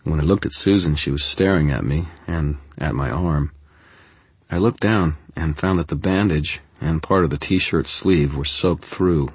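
Very deep, husky male narrator. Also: dry recording. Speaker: audiobook narrator. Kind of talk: first-person scripted narration.

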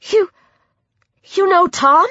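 A woman voicing a tough, armed older teenage girl in an audiobook, wary and halting, in a dry, dull recording. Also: high-pitched, big pitch swings, a bit bright, no room sound, voice pushed up, exaggerated voice. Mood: stunned. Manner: wary, then stunned and halting.

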